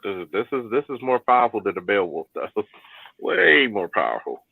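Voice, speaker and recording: Gravelly man on a tinny line. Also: on the low side, big pitch swings, normal speed, no echo. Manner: laughs often, restarts and swears. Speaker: host. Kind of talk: casual chat.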